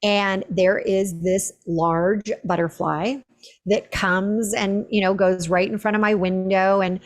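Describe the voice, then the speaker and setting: A woman hosting a podcast interview, telling a personal story in a lively conversational way, full of "like" fillers. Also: medium pitch, takes it slowly. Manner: animated storytelling with many "like" fillers. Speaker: podcast host.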